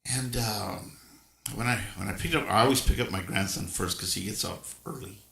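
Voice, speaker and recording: A man's voice: lowish voice, normal speed, creaky, sharp tone, reverberant. An older man and grandfather, hosting a casual livestream and telling a folksy, rambling story. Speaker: livestream host.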